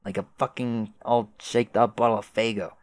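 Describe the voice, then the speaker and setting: A man voicing a laid-back, profane young male troll clown with a loud, easygoing drawl. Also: fairly low pitch, flat delivery, moderate pace, no room sound, natural voice.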